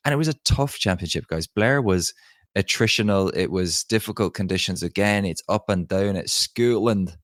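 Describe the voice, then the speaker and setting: Man, very deep voice, dry studio sound, keen casual podcast talk. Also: no echo. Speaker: podcast co-host.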